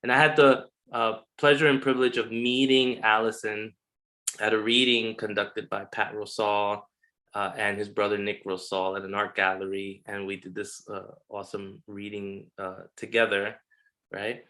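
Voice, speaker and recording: A man's voice: lowish voice, level tone, normal speed, sharp tone. A man hosting a poetry reading on a video call, upbeat and chatty with casual slang. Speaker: host. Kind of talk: event hosting.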